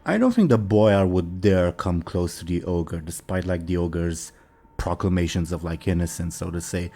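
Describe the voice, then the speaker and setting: A man running a tabletop role-playing game as game master, talking in a relaxed way with hesitant fillers. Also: low-pitched, moderate pace.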